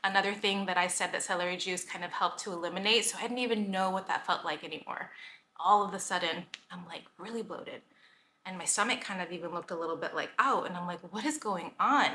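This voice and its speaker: A woman in her thirties chatting casually to camera as a vlogger, full of "like" fillers and quick laughs. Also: on the low side, pushed and bright, reverberant, a little hiss or hum.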